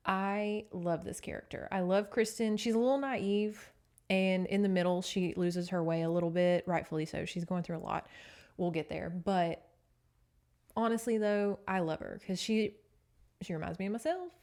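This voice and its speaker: A woman hosting a podcast, recapping a book in a casual, chatty manner. She swears freely and reacts with animated asides. Her voice sits at an ordinary middle pitch. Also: moderate pace. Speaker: podcast host.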